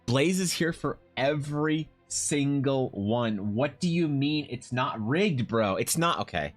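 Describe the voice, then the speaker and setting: A man in his thirties from Canada talks loosely with his live viewers at a desk microphone. He rambles, swears and makes animated asides. His pitch sits in an ordinary middle range, and faint music plays behind him. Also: unhurried. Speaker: streamer. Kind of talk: casual live-stream chat.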